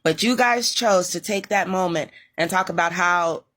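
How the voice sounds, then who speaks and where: Brief: woman, lowish bright voice, scolding casual rant. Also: moderate pace. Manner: reproachful, lecturing.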